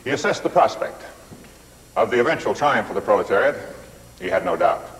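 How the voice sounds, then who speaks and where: An older man presenting a documentary in measured, scripted narration with dry, wry asides. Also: medium pitch, sing-song, gravelly, slightly rough, rough recording.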